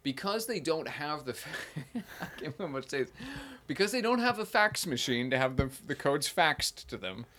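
Animated man recapping a movie. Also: on the high side, normal speed, a little hiss or hum. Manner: animated, mocking retellings with laughs. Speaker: podcast co-host. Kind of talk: casual movie-recap chat.

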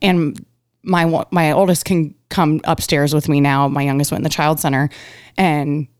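Lively storytelling woman, smooth and dry. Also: deep voice, a little slow, dry recording. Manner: animated storyteller, acts out quotes, laughs, swears. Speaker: guest. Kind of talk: casual podcast chat.

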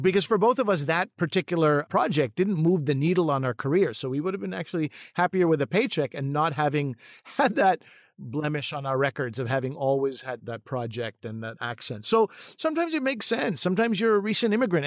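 A man with a fairly high speaking voice co-hosts a casual podcast, thinking aloud as he tells a story. He often restarts his sentences. The sound is close and dry, with no room echo. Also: expressive, brisk. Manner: thoughtful storyteller with frequent restarts. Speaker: podcast co-host, comedic actor.

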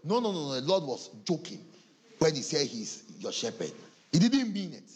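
Animated, husky Ghanaian preacher man. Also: on the high side, brisk. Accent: Ghanaian English. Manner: animated preaching, acts out church members' excuses, laughs often. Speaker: pastor. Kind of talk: sermon.

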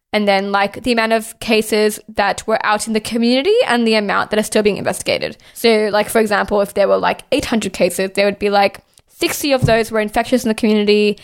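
A young Australian woman hosts a podcast, ranting casually and sounding exasperated, with heavy swearing and constant use of "like." Her voice is mid-range and smooth.

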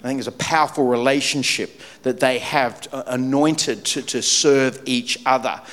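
A man preaching a sermon, telling a story with lively shifts between loud punchy lines and low, quiet, weighty ones. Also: moderate pace, in a large hall. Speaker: pastor.

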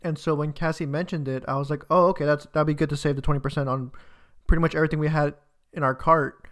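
A man's voice: on the high side, steady tone, quick pace, a bit bright. A man co-hosting a podcast, speaking in a laid-back, teasing way in casual chat. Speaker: podcast co-host.

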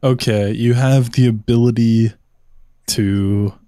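A man's voice: mid-range voice, steady tone, takes it slowly, warm tone, clean tone, no room sound, clean studio sound. A man hosting a podcast in casual chat, laid-back as he leads a round of questions. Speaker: podcast host.

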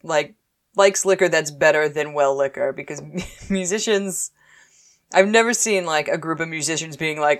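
A woman with a notably low, deep voice talks in a loose, chatty way. She tells lively stories about everyday things and often breaks into laughter. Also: normal speed. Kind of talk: casual chat.

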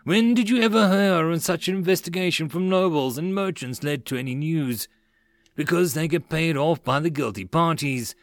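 A man's voice: high voice, fairly quick, few pauses, dry recording, clean studio sound, pitched above the performer's own voice, natural voice. A man voicing a scheming, angry ex-slave rebel leader who hisses with bitter fervor. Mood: scornful. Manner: hissing, bitter, fervent.

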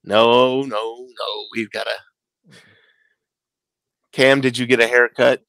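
A man in his forties co-hosting a casual podcast chat, telling stories and acting out quotes with lively emphasis. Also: medium pitch, takes it slowly, gravelly, no echo. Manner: animated storyteller, acts out quotes. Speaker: podcast co-host.

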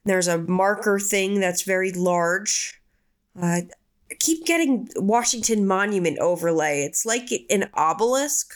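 A woman reading a session transcript aloud, describing things in a halting, searching way with many fillers. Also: mid-range voice.

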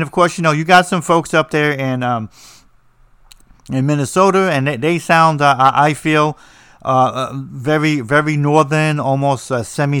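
A man's voice: fairly high pitch, a bit bright, clear, resonant tone, dry recording. Jersey guy rambling on about writing, blunt and jokey, dry sound. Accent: New Jersey. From New Jersey. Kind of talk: casual monologue.

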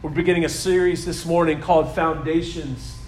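Animated high-voiced man preaching a sermon. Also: brisk, roomy sound, slight background noise, low-quality recording. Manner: animated, emphatic preaching with sudden soft drops. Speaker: pastor. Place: church sanctuary.

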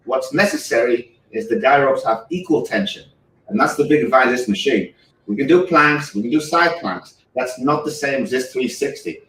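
A man with an English accent, a physical therapist guest, explaining briskly and using analogies. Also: medium pitch, a bit bright, distant mic, a little hiss or hum. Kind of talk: explaining on live radio. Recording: roomy, off-mic with faint ambience.

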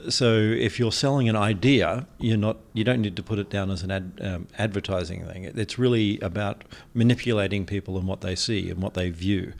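A man from Australia, a guest on a podcast, explaining things in a measured way with many pauses. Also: fairly low pitch. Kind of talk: conversational interview.

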